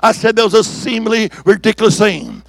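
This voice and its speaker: Man evangelist, very high voice, dry close sound, fiery revival preacher who calls out to the congregation. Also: fairly quick, vocal fry, no echo. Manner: fiery preaching with shouts and call-and-response; rhythmic repeated declarations. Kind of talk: revival sermon. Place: church service.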